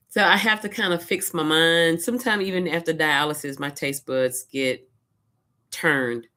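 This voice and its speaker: A woman's voice: low-pitched, moderate pace, a bit bright. A woman from Louisiana, chatting casually in a vlog and retelling her days with quoted asides. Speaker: vlogger. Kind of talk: casual personal storytelling.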